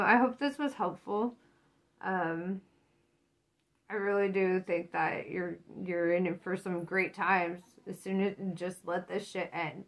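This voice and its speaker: A woman's voice: mid-range voice, fairly bright tone. A woman giving a casual tarot reading, rambling and encouraging, swearing freely. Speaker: tarot reader.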